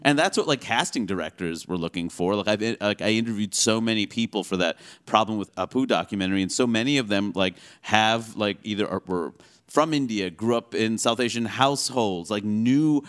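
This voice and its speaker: A man in his forties from the United States, a comedian talking as an interview guest, quick and wry with lots of filler words. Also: on the low side, clear, resonant tone. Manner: talks fast with many fillers, animated and wry. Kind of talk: conversational interview.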